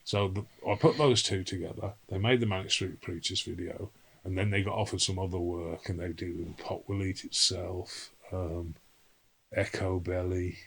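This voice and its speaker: Low-voiced older man, rambling. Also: steady tone, normal speed, fairly bright tone, slightly rough, poor audio. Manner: rambling storyteller, salty swearing, acts out quotes. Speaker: interview guest, singer. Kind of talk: casual anecdotal interview.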